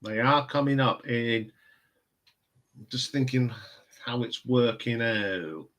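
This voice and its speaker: A man hosts a live stream, chatting casually and ramblingly about records, answering viewer comments and chuckling often. His medium-pitched voice is slow and fairly bright.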